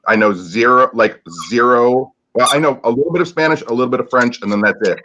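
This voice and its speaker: A man's voice: mid-range voice, quick pace, bright, forceful tone. A man from Michigan co-hosting a live podcast, a chatty, jokey storyteller in casual talk. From Michigan, USA. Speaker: podcast co-host. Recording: dull lo-fi sound.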